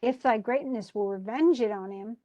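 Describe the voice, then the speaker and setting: A woman's voice: a little high, moderate pace, dark tone, natural voice. A woman voicing a bitter, scheming male island monster, pleading in old-fashioned verse.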